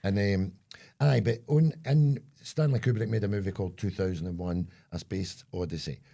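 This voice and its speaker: A deep, gravelly older Scottish man chats on a podcast. His voice is dark and a bit husky, and he rambles from one story to the next, putting on voices for the people in them. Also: moderate pace. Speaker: co-host. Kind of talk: casual chat.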